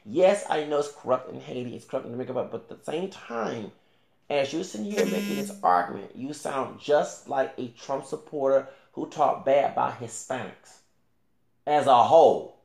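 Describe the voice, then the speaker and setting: Rambling man with a gravelly voice. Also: mid-range voice, animated, moderate pace, darkish tone, reverberant. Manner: rambling, with many restarts and fillers; talks back directly to another creator. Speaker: YouTuber. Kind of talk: casual ranting commentary.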